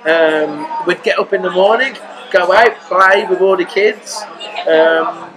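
A man with a Birmingham accent tells stories as a podcast guest, animated and jokey. His voice sits a bit high for a man, and a clear buzz of crowd chatter runs behind him. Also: slow pace, low-quality recording. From Birmingham, England. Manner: animated, joking storyteller with crude humour. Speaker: guest comedian. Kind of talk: casual podcast chat.

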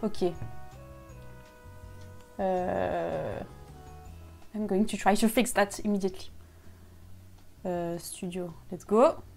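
A French woman with a French accent chatting excitedly to herself during a casual live stream, slipping between English and French. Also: mid-range voice, vocal fry. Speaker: costume maker streaming live. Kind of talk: casual live-stream chat while unboxing.

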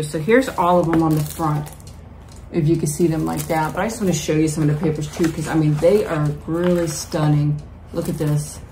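Low-voiced woman gushing over mail. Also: slight background noise. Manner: gushing, excited, talks to viewers. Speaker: vlogger. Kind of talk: casual mail-opening vlog.

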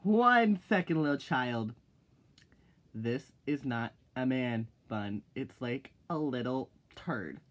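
Rambling teen boy vlogger. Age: teenager. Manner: rambling, swears, full of "like" and "freaking"; swings into loud high exclaims when mocking. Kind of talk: casual vlog chat.

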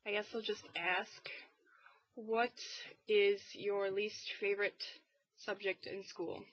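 A teenage girl in a casual weekly vlog, talking in a rambling, low-key way with lots of fillers. She sounds tired and a bit under the weather. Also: flat delivery, slow, no room sound. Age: teens. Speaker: vlogger. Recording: dull, dry lo-fi webcam audio.

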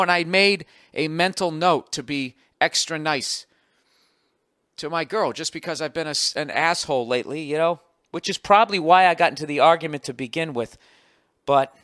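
Man in his forties, american, ranting and swearing, higher-pitched voice, dry close sound. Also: fairly bright tone, no room sound. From United States. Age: 40s. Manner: profane, ranting, self-mocking. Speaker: podcast host. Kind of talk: casual storytelling monologue.

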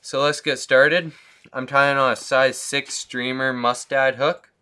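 A man giving a casual fly-tying demonstration in an easygoing way, laughing often and pausing with ums. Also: mid-range voice, level tone, pushed and bright, clear, resonant tone. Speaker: fly tier demonstrating a pattern.

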